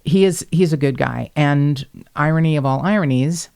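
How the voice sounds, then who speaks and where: A woman hosting a podcast, telling stories in a casual, animated way, blunt and quick to swear. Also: sits low, creaky, smooth. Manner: animated, blunt storyteller who swears freely. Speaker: podcast host. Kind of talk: casual chat.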